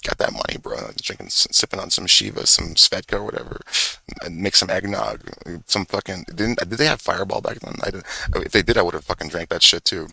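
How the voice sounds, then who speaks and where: Deep-voiced and animated, this young male vlogger talks briskly with vocal fry, a sharp tone and a breathy edge. He rambles through a profane story in casual chat while screen-sharing, heavy on fillers and self-corrections. The audio is dry and poor.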